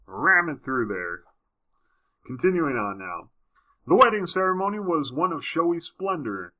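A man's voice: fairly high pitch, sing-song, unhurried, sharp tone, lo-fi sound. A man reading a history book aloud, breaking off for wry, casual comments. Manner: wry asides between passages.

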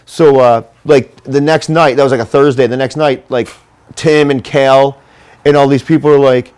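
A man's voice: medium pitch, fairly even intonation, moderate pace, a little mellow, smooth. A man in casual chat, telling a long, rambling, profane story full of "like" fillers.

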